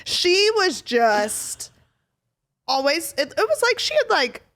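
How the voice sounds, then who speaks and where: Lively high-voiced woman podcast host. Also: takes it slowly. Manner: animated, dramatic storytelling with quoted asides. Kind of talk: casual chat.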